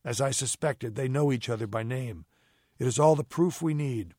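A man's voice: medium pitch, warm tone, no room sound, studio quality, close to an everyday voice. Sherlock Holmes, read by a man coolly commanding. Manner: measured, crisp and coolly ironic. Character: calm, cutting gentleman detective, cool and commanding. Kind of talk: audiobook character reading.

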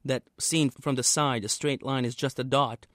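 A man, the author, reading a passage from his own novel aloud in a steady, measured way. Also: medium pitch, no echo, clean studio sound.

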